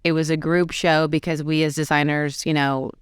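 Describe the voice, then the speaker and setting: A woman's voice: sits low, level tone, smooth, dry recording, studio quality. A woman in her forties, a fashion designer, telling stories from her career in a casual interview. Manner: conversational, quick anecdotes with acted-out quotes.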